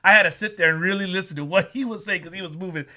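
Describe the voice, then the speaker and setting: A man co-hosting a casual podcast, telling animated stories and laughing often. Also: high-pitched, rapid-fire. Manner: animated storyteller, laughs a lot. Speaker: podcast co-host. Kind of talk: casual chat.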